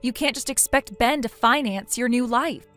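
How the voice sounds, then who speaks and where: A woman voicing a blunt female friend who lectures a cheater in a text story, in a somewhat high voice. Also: normal speed, fairly bright tone, soft background music, close to an everyday voice. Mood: stern.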